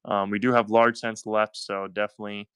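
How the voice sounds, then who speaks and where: A man's voice: fairly low pitch, level tone, fairly quick, fairly bright tone, clean tone, dry recording. A man with a Southern US accent hosting a live-stream coin auction, talking in upbeat, chatty selling patter and thanking buyers by name.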